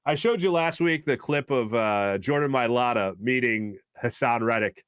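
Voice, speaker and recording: A man hosting a sports talk show, rambling in quick, animated bursts full of fillers and reading ads live. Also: medium pitch, smooth, no room sound.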